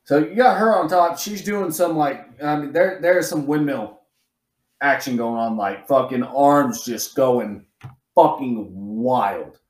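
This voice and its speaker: A man co-hosting a podcast takes it slowly with a medium-pitched voice, talking casually and cursing freely. He relives scenes energetically, acting out quotes loudly, and the audio is reverberant.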